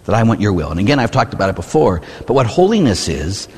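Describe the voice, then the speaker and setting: Husky-voiced priest preaching in a reverberant hall. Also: male voice, on the low side, big pitch swings, fast. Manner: asks the listeners short rhetorical questions, often ending with "huh?"; acts out prayers and people's complaints in changed voices. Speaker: Catholic priest. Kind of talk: conversational sermon.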